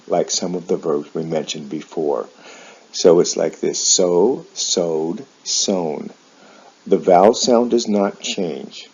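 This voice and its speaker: Slow deep-voiced man teaching pronunciation. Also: darkish tone, slightly rough. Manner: slow, careful enunciation of example words. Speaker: English teacher. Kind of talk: slow explanatory pronunciation lesson. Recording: dull lo-fi sound.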